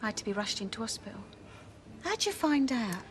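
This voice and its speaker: A woman's voice: fairly high pitch, very animated, a little fast, faint music behind. An actress playing a brassy, wisecracking pub landlady in a 1980s TV soap, with a sardonic, dramatic manner. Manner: sardonic, dramatic, calls people darling. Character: brassy, wisecracking London landlady in emotional turmoil.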